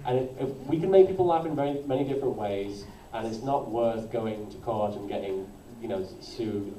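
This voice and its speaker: A man's voice: lowish voice, brisk, warm tone, slight background noise. A man on a convention panel chatting casually, rambling and correcting himself as he goes. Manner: rambling, self-correcting, laughs often. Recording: roomy hall from far off, crowd behind.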